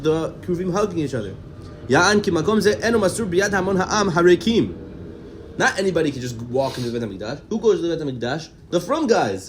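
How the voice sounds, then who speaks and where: A man's voice: high-pitched, slight background noise. A man teaching a Torah class, reading out Hebrew texts and explaining them. He talks with energy, often repeats words as he goes and keeps asking rhetorical questions.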